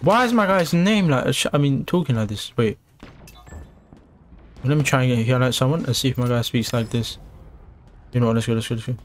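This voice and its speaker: A young man, excitedly commentating his own gameplay and trash-talking opponents. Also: mid-range voice, brisk, pauses often, slight background noise. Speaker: gamer. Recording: game music in background.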